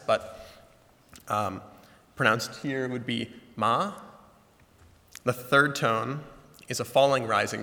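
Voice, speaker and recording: A man's voice: medium pitch, sharp tone. A young man student giving a class presentation, explaining step by step and demonstrating sounds aloud. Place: lecture room with large slides. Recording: reverberant hall sound.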